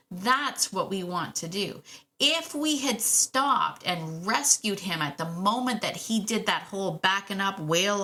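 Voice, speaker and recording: A woman's voice: mid-range voice, pushed and bright. A woman hosting a podcast about dog training, talking in a chatty, enthusiastic way with lots of "right?" asides. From Canada. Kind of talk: casual podcast monologue.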